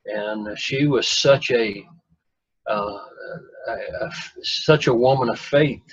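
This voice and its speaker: A man's voice: medium pitch, slow, slightly rough. A man telling a long personal story in a folksy, rambling way with self-deprecating humor. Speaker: guest telling his story. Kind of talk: casual storytelling. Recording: dull lo-fi dry recording.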